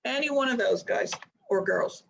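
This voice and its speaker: A woman trading mentor talking casually to a live online audience in an energetic, motivational way, with chatty asides. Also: on the high side, normal speed, creaky, muffled recording. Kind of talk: casual live-stream talk.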